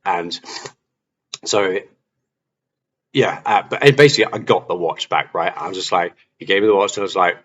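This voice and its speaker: A man with a low voice tells his testimony as a Christian vlogger, speaking at a moderate pace and animatedly voicing the lines he once spoke. The sound is slightly dull, with faint hiss.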